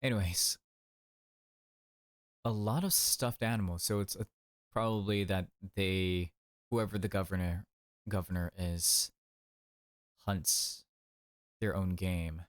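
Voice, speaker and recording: A streamer playing a mystery game, reading the narration and reacting loudly, with swearing and chatty remarks about character outfits. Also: low-pitched, fairly even intonation, takes it slowly, pauses often, no room sound, studio quality. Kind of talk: casual game commentary and reading aloud.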